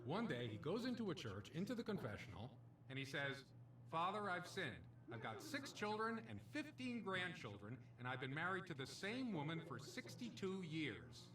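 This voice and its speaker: A man's voice: fairly high pitch, huge pitch swings, moderate pace, a bit bright, roomy sound, distant mic. An actor playing a cheesy male casino stand-up comedian, delivering punchy jokes and doing comic voices. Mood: brash.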